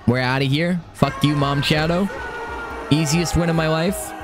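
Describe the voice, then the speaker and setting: A young man commentating his own game run, excitable and swearing, talking to himself. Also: fairly high pitch, moderate pace, music in the background. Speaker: gaming streamer. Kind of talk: live let's-play commentary.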